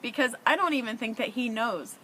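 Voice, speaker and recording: A middle-aged woman speaks to her viewers with a high, bright voice, earnest and emotional as she gives parenting advice. Her tone is conversational, and a faint hiss of background noise sits under the recording. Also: fairly quick. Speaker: parent vlogger. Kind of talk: heartfelt advice to camera.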